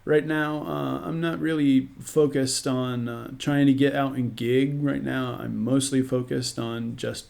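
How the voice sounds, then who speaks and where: A man's voice: medium pitch, fairly even intonation, measured pace, vocal fry, hardly any pauses, darkish tone. A man with a Southern US accent, chatting easily as a podcast guest, joking and rambling a little. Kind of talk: casual podcast chat.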